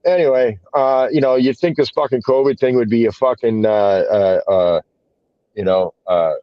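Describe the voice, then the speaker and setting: A man's voice: mid-range voice, normal speed, no echo. A man in casual podcast chat, telling a rambling story full of swearing and filler words. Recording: dull, dry lo-fi podcast audio.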